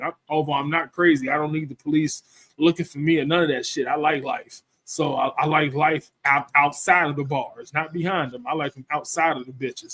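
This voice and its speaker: A man's voice: fairly high pitch, fairly bright tone, dry recording. A man telling a rambling, profane story in casual chat, often asking "you know what I'm saying".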